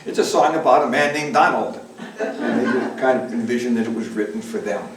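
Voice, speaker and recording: Speaking briskly in a mid-range voice, a man playing a live folk set at a library cracks jokes and teases the audience between songs. The indoor room is roomy, the mic distant, with guitar playing and slight background noise.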